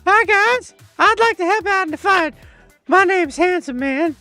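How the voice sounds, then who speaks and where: Handsome Man, a man putting on a squeaky braggart. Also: animated, unhurried, bright, forceful tone, dry recording, faint music behind, heavily acted. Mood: boastful. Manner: eager, stumbling, giggly bragging. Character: cheerful boastful male tavern patron. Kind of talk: voicing a character in a tabletop game.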